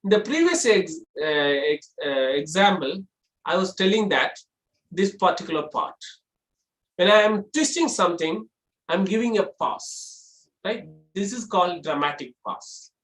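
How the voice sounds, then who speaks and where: A public speaking trainer, lecturing to a class at a middle pitch. The trainer walks through each point in order, asking a rhetorical question and then answering it. The voice carries a roomy echo. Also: lively intonation, measured pace, a bit bright.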